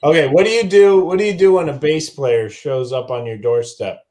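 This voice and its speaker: A man's voice: fairly high pitch, moderate pace. A man who is a comedian guest, telling jokes in a casual chat and often laughing. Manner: animated storyteller, laughs often.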